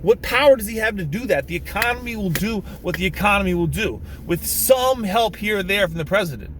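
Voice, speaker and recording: A man's voice: sits high, lively intonation, a little fast, background noise. A man ranting casually to camera in a vlog, rambling with many restarts, swearing and bursting out emphatically. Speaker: vlogger. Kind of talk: casual political rant to camera. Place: in a vehicle.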